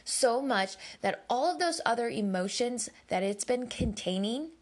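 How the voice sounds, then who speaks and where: Slow, candid woman podcast host. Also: a little high, expressive. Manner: emphatic, candid, swears when heated; slow and deliberate. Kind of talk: personal storytelling monologue.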